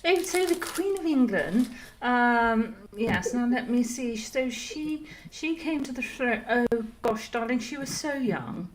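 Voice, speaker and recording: A woman's voice: a little high, animated, slow, slight background noise, low-quality recording. A woman voicing a posh upper-class English society lady from the 1930s who gushes and keeps saying "darling". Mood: gushing. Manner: plummy, says "darling" often.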